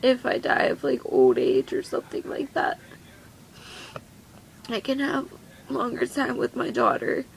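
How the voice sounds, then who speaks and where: A teenage girl crying as she talks in a confessional vlog, her voice breaking and halting. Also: a little high, sing-song, vocal fry, slight background noise, poor audio. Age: teens. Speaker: vlogger.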